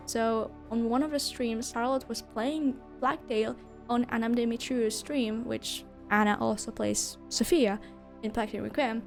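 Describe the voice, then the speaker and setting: A young woman reviewing a video game in a casual, gushing way, swearing and laughing often. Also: a little high.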